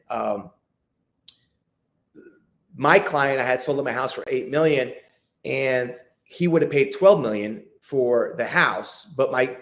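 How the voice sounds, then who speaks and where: A man's voice: mid-range voice, a bit bright. A man, a real estate agent, talking casually as a podcast guest and acting out his calls with clients. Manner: chatty, acts out phone calls with clients, many restarts. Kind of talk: casual interview talk.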